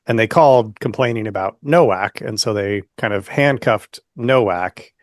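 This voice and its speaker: A man's voice: fairly low pitch, normal speed, no echo, clean studio sound. A man co-hosting a podcast, chatting casually, asking questions and hedging his points. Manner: questioning, hedging, many "like" fillers. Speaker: podcast co-host.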